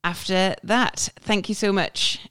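A woman hosting a football fan podcast, chatty and relaxed as she steers the panel through questions. Her voice has a smooth, clear tone at a middle pitch. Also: slow. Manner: chatty, wraps up and runs the segment. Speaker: podcast host. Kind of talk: casual football podcast chat.

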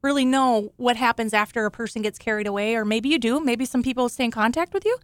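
A woman talks in a casual, heartfelt way, laughing often as she tells her story to guests in a studio. Her voice sits fairly high. The sound is close and dry. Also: quick pace, no room sound. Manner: chatty and emotional, laughs often. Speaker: show host, accident survivor. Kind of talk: grateful casual studio talk.

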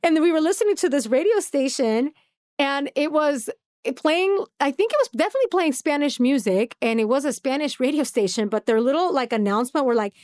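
Woman podcast co-host, high-pitched, dry close sound, animated storyteller who laughs a lot. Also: a little fast, no echo. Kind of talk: casual chat.

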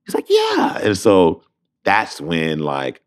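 A man's voice: sits low, normal speed. A man in his thirties, an interview guest, telling a story casually and acting out the voices in it. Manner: animated, acts out voices in anecdotes.

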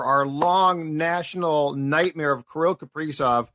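A man's voice: a little high, measured pace, noisy background. A man hosting a sports podcast, leading the talk and asking questions. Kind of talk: casual sports podcast chat.

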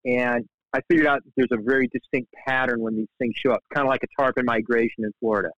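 A middle-aged man spins a casual, rambling story, jumping in pitch whenever he quotes someone. His voice sits at an ordinary middle pitch, recorded dry and close with a slightly muffled, dull tone. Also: fast talker, dry recording. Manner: animated, restarts often, quotes people in lively voices. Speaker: guest, shark fly fisherman.

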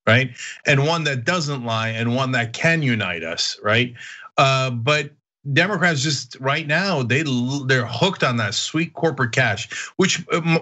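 A man hosting a political debate, emphatic and animated as he pushes back bluntly. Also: mid-range voice. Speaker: show host.

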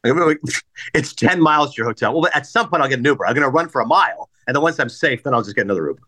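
Animated, fast-talking male podcast host. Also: mid-range voice. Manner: animated storyteller, acts out quoted people. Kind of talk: casual chat.

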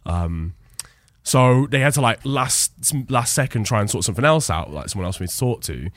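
Lively young British man telling stories. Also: on the low side, a little fast, no echo. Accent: British English. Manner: animated storytelling with frequent laughs. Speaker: guest. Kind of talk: casual podcast chat.

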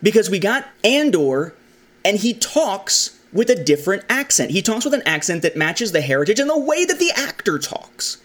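A man with a somewhat high voice hosts a casual discussion about films. He talks with animation, leaning into the lines he quotes. His delivery stays loose and conversational. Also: very animated, moderate pace, a bit bright. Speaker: podcast host.

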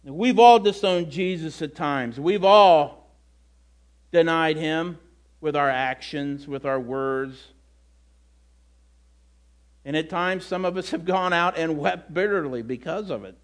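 A man preaching a sermon in a loose, conversational way, retelling the story with animated turns. His voice sits fairly high for a man. He speaks to the congregation like he is talking to friends. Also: slow, pauses often.

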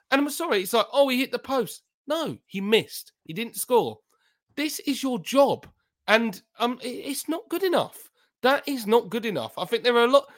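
A man, a football podcast pundit talking in heated, emphatic casual chat and repeating his points. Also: very high-pitched.

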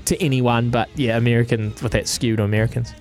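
Chatty Australian radio presenter. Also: male voice, medium pitch, steady tone, fast talker, darkish tone, faint music behind. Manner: chatty, jokey, lots of fillers. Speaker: radio producer reading quirky news. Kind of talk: casual radio banter. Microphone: studio microphone.

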